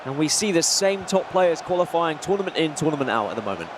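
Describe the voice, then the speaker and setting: A man with a high voice gives color commentary on an esports football match. He talks in a chatty, analytical way about tactics and players. Faint noise runs under the recording. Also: big pitch swings, fast talker.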